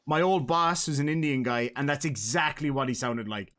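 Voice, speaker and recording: An Irish man keeps a relaxed, chatty live stream going, teasing his guest and talking straight to his viewers. His voice sits at an ordinary middle pitch, and his banter runs loose and informal. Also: normal speed, heavy background noise. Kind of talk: casual live-stream chat.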